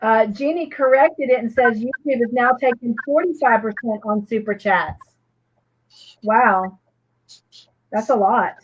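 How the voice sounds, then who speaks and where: A woman's voice: fairly high pitch, measured pace, long pauses, dull audio, slight background noise. A woman co-hosting a live crochet show, chatting casually and reading viewers' comments aloud with gushing reactions.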